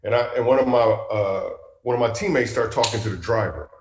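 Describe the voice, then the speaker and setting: A man, a comedian and talk-show guest, telling a personal story in an animated way with playful punchline asides. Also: fairly low pitch, brisk, reverberant.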